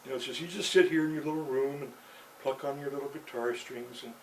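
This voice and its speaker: A man's voice: mid-range voice, quick pace, distant mic, slight background noise, rough recording. A man recounting a personal story in a loose, rambling way, with plenty of "you know" and little chuckles. He sits some way from the mic. A faint buzz of insects hangs behind him.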